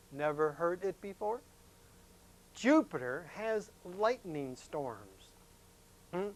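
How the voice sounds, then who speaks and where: A man teaching a science lesson to students, talking in a folksy, chatty way, asking questions and jumping up in pitch to stress a point. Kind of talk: classroom lesson demonstration.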